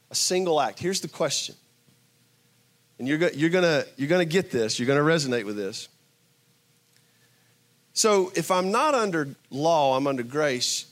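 High-voiced man preaching with emphatic swings. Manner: emphatic, swinging between loud bursts and quiet asides; asks the audience rhetorical questions. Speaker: pastor. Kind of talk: sermon.

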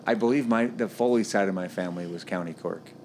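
A man's voice: deep voice, darkish tone, a little hiss or hum. A man hosting a podcast, chatting casually with a guest, often stumbling over restarts. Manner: halting, stumbling restarts, laughs easily. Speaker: podcast host interviewing a guest. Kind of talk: casual interview chat.

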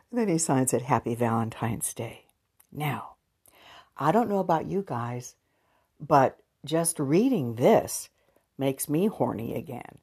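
A woman's voice: a bass voice, lively intonation, unhurried, mellow, breathy edge. A woman vlogger chatting candidly to her viewers in a frank, casual way, with sighs and laughs. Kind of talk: casual chat to camera.

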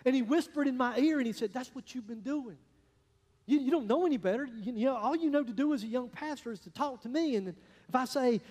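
A high-pitched man preaches to his congregation in a folksy, storytelling way. His voice rings through a big hall with a long reverb tail, swinging from loud bursts to hushed asides. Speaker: pastor. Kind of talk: sermon.

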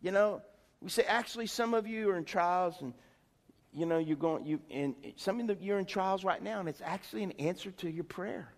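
A man's voice: sits high, fairly quick, long reverb tail. A middle-aged male pastor giving a folksy sermon, calling out to his congregation with rhetorical questions. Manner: folksy, preachy, calls out to the congregation. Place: church sanctuary.

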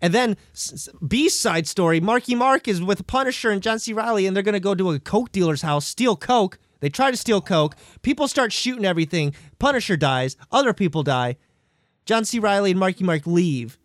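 High-voiced young man rambling crudely. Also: animated, dry recording, studio quality. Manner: rambling, crude storytelling with quick quoted voices. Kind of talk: casual comedic chat.

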